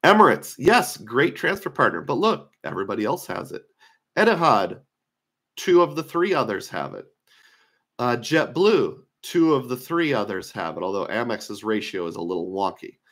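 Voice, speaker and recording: In a casual screen-share talk on credit card points, he airs his opinions conversationally, full of fillers as he thinks aloud. The voice is mid-range and fairly bright, slightly worn, with big pitch swings at a normal pace.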